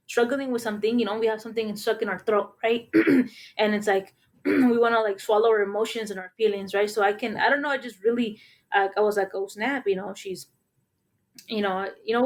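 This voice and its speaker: Rambling woman telling a long story. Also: medium pitch. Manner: rambling storytelling, heavy with fillers. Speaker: podcast co-host and middle school math teacher. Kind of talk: casual podcast discussion.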